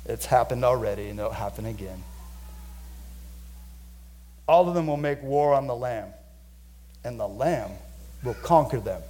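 A male pastor preaching a sermon to his church, moving between quiet, close asides and loud, lifted proclamations. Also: medium pitch, animated, a little slow, pauses often. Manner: dynamic preaching, swings from hushed to loud.

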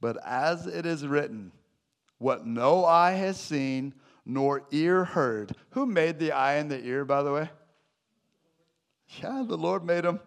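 A man preaching a sermon to his church, animated and jokey, with sudden loud bursts. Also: fairly high pitch, slow pace, gravelly. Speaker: pastor.

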